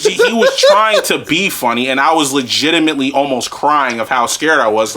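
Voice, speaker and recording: A young man co-hosting a podcast, telling stories in a profane, exasperated, animated way and laughing often. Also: fairly high pitch, a little hiss or hum. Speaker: podcast co-host. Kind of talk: casual storytelling chat.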